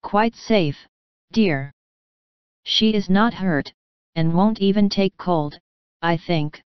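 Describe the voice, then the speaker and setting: A woman voicing a gentle, wise middle-aged mother who speaks calmly and tenderly in a storybook reading. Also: mid-range voice, slow, clear, resonant tone, no echo, lo-fi sound, lightly acted. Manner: calm, tender, reassuring.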